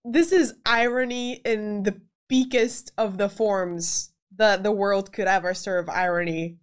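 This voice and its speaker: Young woman doing a movie reaction, high pitched, slow talker, super emotional and sweary. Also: clear, resonant tone. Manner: emotional, exclaiming and swearing freely. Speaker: reaction video host. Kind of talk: casual movie reaction commentary.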